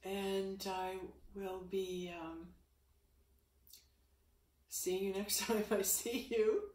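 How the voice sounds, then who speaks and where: A woman leading a spiritual yoga session, speaking slowly and soothingly with sighs between phrases. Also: medium pitch, steady tone, a little mellow, roomy sound. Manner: slow, soothing, with sighs and breaths.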